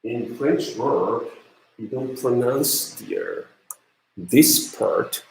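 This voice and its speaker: Guy teaching a class, slow and halting, lots of ums, echoey room. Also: mid-range voice, expressive, creaky. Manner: halting, many ums and uhs. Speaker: university lecturer. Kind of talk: classroom lecture on pronunciation.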